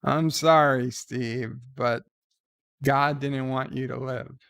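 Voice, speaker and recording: A man's voice: medium pitch, steady tone, takes it slowly, vocal fry, fairly bright tone, clear, resonant tone, dry recording, studio quality. A man hosting a casual live stream, reading viewer letters aloud and ranting crudely, with lots of fillers and restarts. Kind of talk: casual rambling chat.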